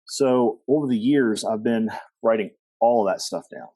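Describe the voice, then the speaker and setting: A man's voice: mid-range voice, moderate pace, no echo. A middle-aged man, a podcast guest, tells a long personal story, rambling with fillers and restarts, acting out the people he quotes. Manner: rambling with many fillers and restarts, animated quoting. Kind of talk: storytelling interview.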